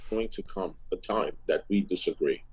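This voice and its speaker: A man with a low, husky voice addresses his viewers in a slow, preachy, reassuring tone. The sound is dry and close, with no room around it. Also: a little mellow, no room sound.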